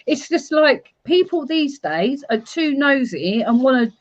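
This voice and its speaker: Woman, blunt, animated, laughs a lot, muffled lo-fi audio. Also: high-pitched, a little slow. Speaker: urban explorer, live chat co-host. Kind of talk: casual live chat.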